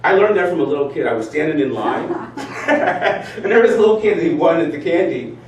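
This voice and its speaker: A man giving a motivational talk, animated as he leads his audience in spoken exercises. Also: fairly high pitch, normal speed. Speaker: speaker leading a talk. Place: event room with audience. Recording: roomy sound from far off, faint noise.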